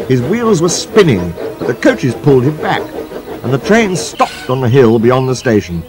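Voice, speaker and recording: Guy reading a kids story, really animated, music playing underneath. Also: medium pitch, moderate pace. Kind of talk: storybook narration. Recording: narration over music.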